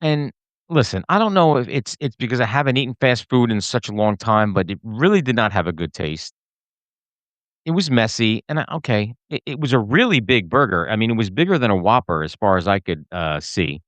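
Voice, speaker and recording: Guy ranting on his podcast, lots of uhs, lively up and down voice, dry close sound. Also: lowish voice, a little fast, no room sound. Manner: animated, rambling with many fillers and restarts. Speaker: podcast host. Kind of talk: casual solo rant to camera.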